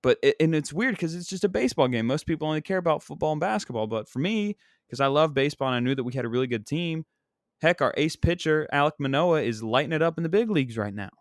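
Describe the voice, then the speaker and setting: On his own podcast, a young comedian rambles through an exasperated rant as a sports fan, constantly tossing in "you know what I mean." His voice runs on the high side, with lively intonation and a quick pace, captured in clean, echo-free studio sound.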